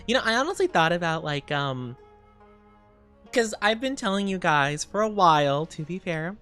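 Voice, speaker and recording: Tired woman streamer, smooth lowish voice. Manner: chatty, warmly greets and reads chat. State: tired, low on sleep. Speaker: VTuber streamer. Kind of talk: casual live-stream chat.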